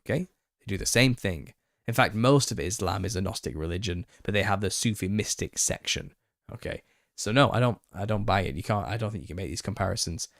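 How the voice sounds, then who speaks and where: A man hosting a live Q&A stream, opinionated and quick to get worked up, laughing as he rants. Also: lowish voice, lively intonation, creaky, a bit bright, no room sound, clean studio sound. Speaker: channel host. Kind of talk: live Q&A monologue.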